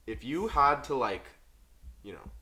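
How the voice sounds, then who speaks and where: A man hosting a podcast in casual chat, animated and swearing freely. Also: mid-range voice, unhurried. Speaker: podcast host.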